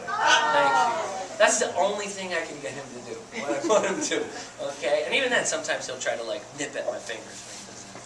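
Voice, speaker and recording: Animated man talking to a group from afar. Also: on the high side, heavy background noise. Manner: animated and chatty, laughs often. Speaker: animal keeper. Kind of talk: educational talk to a group. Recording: echoey and distant with loud ambience.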